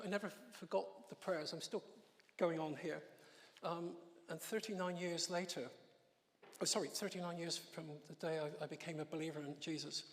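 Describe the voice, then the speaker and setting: A man in his sixties giving his testimony in church, telling an emotional story with halting restarts and soft laughs. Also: a little high, long reverb tail. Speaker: guest speaker giving testimony. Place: church hall.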